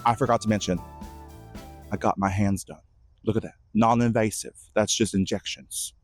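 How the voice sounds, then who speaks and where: A man playing a vain, shy, emotional Bigfoot who gives a rambling, earnest tour of his forest home, with halting restarts, in a mock-documentary comedy. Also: on the low side, fairly even intonation, soft background music, close to an everyday voice. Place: outdoors in woods.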